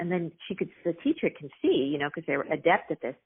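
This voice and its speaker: Low-voiced woman on a tinny line. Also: very animated, husky. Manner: earnest, reflective, many pauses and restarts. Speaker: author and actress guest. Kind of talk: casual interview storytelling.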